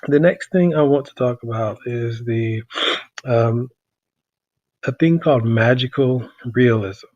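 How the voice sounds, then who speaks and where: A man teaching a class through a podcast, talking casually with many pauses and fillers. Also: medium pitch, no room sound, highs cut off. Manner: relaxed, many ums and uhs.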